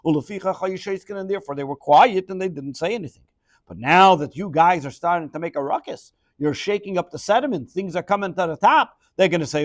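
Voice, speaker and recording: A man leads a Torah lesson. He reads each phrase and translates it as he goes, in a slightly higher voice. The sound is dry and close, with no room around it. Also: animated, normal speed, no room sound. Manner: reads Hebrew phrases then translates, explains with Rashi. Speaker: Torah teacher. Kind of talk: verse-by-verse Torah class.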